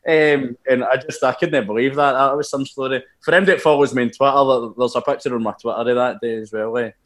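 A young man with a Scottish accent, co-hosting a casual podcast and telling animated football anecdotes, laughing as he goes. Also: mid-range voice, fast talker. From Scotland. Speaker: podcast co-host. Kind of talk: casual storytelling chat.

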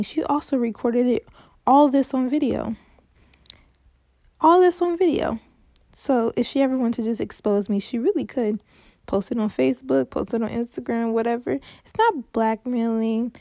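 A young woman hosts her own show and tells a story with chatty fillers and sudden dramatic exclamations. Her voice is a little high, with a mellow, gravelly tone. The sound is close and dry. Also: no room sound. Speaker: podcast host. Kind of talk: casual storytelling monologue.

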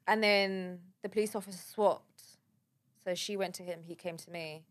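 Woman telling what happened to her, halting, lots of um and like. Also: on the low side, fairly even intonation. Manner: shaken, halting storytelling with many fillers. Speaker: guest telling a personal story. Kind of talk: casual spoken account.

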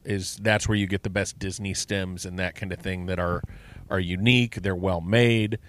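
A man's voice: low-pitched, steady tone, normal speed, a bit bright. A middle-aged man co-hosting a podcast, chatting casually and enthusiastically and asking lots of questions. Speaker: podcast co-host. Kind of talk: casual chat.

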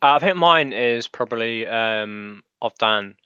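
A man's voice: medium pitch, expressive, measured pace, bright, forceful tone, clean tone, dry recording, muffled recording. A young man telling a story in a casual podcast chat, teasing and dry, with lots of ums. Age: young adult. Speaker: podcast co-host.

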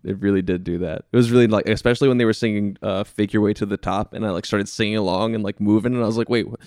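Low-voiced young man, dry close sound. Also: very fast, dry recording. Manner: relaxed, laughing, self-deprecating. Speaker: podcast guest. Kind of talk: casual chat.

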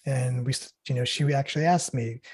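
A middle-aged man speaking earnestly and haltingly as a guest in an interview. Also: medium pitch, a little mellow, slightly rough. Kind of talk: emotional interview talk.

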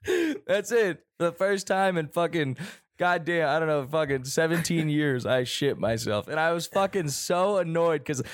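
A young man telling a story in casual chat, animated, laughing often and swearing heavily. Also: a little high, moderate pace, no echo, studio quality.

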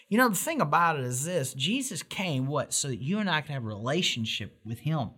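A man's voice: fairly high pitch, very animated, a little fast, few pauses, pushed and bright, slightly rough. A middle-aged man preaching a sermon in an earnest, emphatic way, with rhetorical questions and frequent restarts. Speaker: pastor.

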